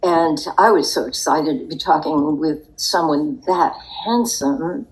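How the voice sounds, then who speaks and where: A woman's voice: sits low, measured pace, rough recording. An older woman telling a personal story in a podcast interview, in a reflective, wry way. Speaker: interview guest.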